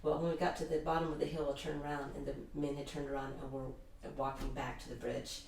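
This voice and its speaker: In a casual interview, a middle-aged intuitive healer tells long, rambling stories, often restarting. Her voice is extremely low, level, creaky and a little mellow, moving at a quick pace, with slight background noise and the roomy echo of a distant mic.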